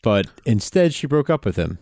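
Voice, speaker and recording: A man's voice: medium pitch, sing-song, moderate pace, a little mellow, no room sound, clean studio sound. A man co-hosting a podcast, making an emphatic case in casual recap chat. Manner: emphatic, building his argument. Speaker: podcast co-host.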